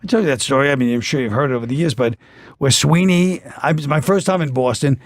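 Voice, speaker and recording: A man's voice: medium pitch, fast talker, no room sound. A middle-aged man, a guest comedian telling stories in casual talk and acting out the voices of people in them, close on a studio mic. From New York. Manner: animated, acts out other voices in stories. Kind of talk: casual storytelling on a talk show.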